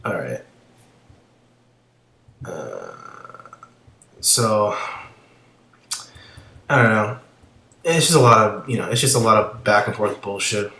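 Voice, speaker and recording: Guy reading chat logs out loud, blunt, swears a lot, trails off, kinda echoey room. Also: lowish voice, sing-song, slow pace, vocal fry, pauses often, slight background noise. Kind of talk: casual commentary.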